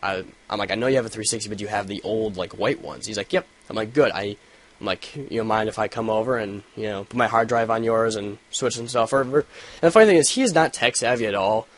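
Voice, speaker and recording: A young man telling a story in a casual vlog, swearing a lot and rambling, with sudden loud rants. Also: lowish voice, fast talker. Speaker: gaming vlogger. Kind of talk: casual ranting vlog update.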